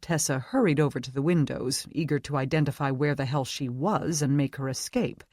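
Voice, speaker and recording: An audiobook narrator giving a measured, expressive reading of a dark fantasy novel. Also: medium pitch, no echo, clean studio sound.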